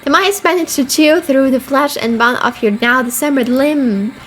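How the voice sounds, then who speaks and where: High-voiced woman reading a horror game. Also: moderate pace, a little hiss or hum, rough recording. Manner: reads the game text, then reacts with swearing and laughter. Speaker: streamer playing a horror game. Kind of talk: game playthrough, reading text aloud and reacting.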